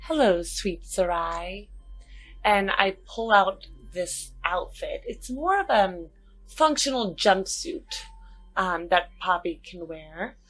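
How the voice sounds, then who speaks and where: A woman player in a tabletop game, calmly describing her character's actions. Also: on the low side, takes it slowly, soft background music.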